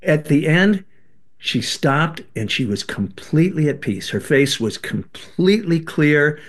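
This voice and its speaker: An older man, a guest on an interview show, telling a personal story in a lively way and acting out the voices he quotes. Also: fairly high pitch, unhurried. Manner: animated, acts out quoted voices. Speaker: guest, former band member and author.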